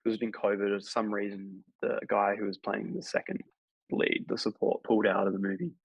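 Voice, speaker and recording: A male actor on a podcast chat delivers a long, rambling story full of fillers in a casual interview, speaking briskly with little pitch movement. He has a gravelly low voice. The lo-fi recording is dull and dry.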